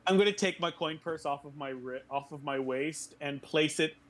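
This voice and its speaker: A man's voice: fairly high pitch, normal speed, a bit bright. A man playing a tabletop game, speaking in character with overly polite, formal phrasing. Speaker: player.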